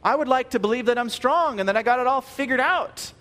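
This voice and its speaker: High-voiced earnest male preacher. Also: fairly quick, fairly bright tone. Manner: earnest, emphatic, repeats key phrases. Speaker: pastor. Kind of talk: sermon.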